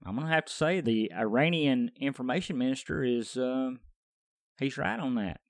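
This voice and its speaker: A man's voice: mid-range voice, expressive, normal speed, creaky, dry recording, studio quality. A man giving casual commentary on news he reads aloud, rambling and chatty with offhand asides.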